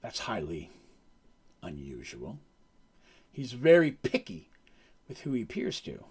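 A man voicing an eerie, powerful sorceress who speaks low, quiet and knowing. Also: wildly swooping pitch, measured pace, slightly rough, full character voice. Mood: cryptic. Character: eerie powerful woman sorceress, cryptic and aloof.

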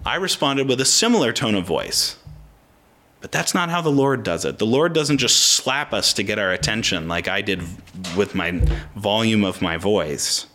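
A man in his thirties preaching a sermon, animated and chatty, often acting out the voices of people in the story. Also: on the low side, moderate pace. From Oregon, United States. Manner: animated, acts out voices in quotes. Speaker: pastor.

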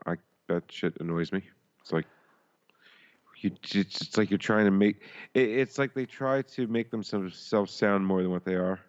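A man chats casually on a podcast, easygoing and quick to agree. His voice sits a bit low and his mic sounds dull and lo-fi. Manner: laid-back, agreeable, swears casually. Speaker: podcast co-host.

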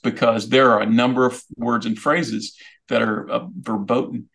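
A man, a guest comedian telling a funny story in an animated, joking way. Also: mid-range voice, moderate pace, gravelly. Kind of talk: storytelling chat.

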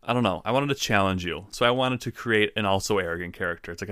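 A man with a somewhat low voice, joking and poking fun at himself in a casual chat about a tabletop game. The recording is dry and close, with no room sound. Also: fast talker, few pauses, a bit bright, no room sound. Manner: joking, self-deprecating. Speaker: tabletop role-play player. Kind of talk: casual chat about a role-play session.

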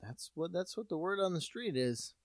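A man's voice: sits high, expressive, moderate pace, no echo, studio quality. A young man co-hosting a comedy podcast, making sardonic quips and laughing at his own jokes. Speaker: podcast co-host. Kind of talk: casual comedic banter.

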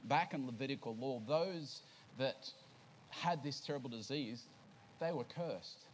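A man preaching in a relaxed, conversational way, with a voice of middling pitch. He keeps asking his congregation questions as he teaches. A faint hiss of noise sits under the church recording. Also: a little slow, poor audio. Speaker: pastor. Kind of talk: sermon. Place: church service.

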